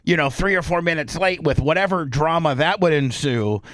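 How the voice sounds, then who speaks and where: A man's voice: fairly high pitch, normal speed, a bit bright, no room sound. A man hosting a radio talk show, teasing and questioning his co-host in casual banter. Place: radio studio. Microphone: studio microphone.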